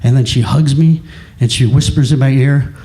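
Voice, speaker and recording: A man doing a stand-up comedy set on a club stage, telling a story with acted-out dialogue and shouted punchlines. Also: medium pitch, moderate pace, reverberant.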